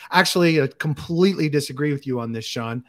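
A man's voice: on the high side, fast talker, fairly bright tone. Blunt, cussing man on a chat podcast. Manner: blunt and profane, swears freely; reads out listener comments and argues back. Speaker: podcast co-host. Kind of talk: casual chat.

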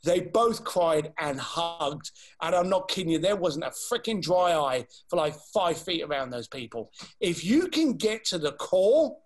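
A man telling a story in an animated way and acting out the people he quotes. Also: fairly high pitch, a little slow. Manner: animated, acts out quoted voices. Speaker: speaker. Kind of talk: storytelling talk.

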